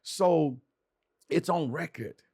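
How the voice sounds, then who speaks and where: A man's voice: fairly high pitch, takes it slowly, warm tone, slightly rough. A man hosting a podcast, talking in a fervent, preacher-like cadence with repeated starts. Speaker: podcast host. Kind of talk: passionate conversational commentary.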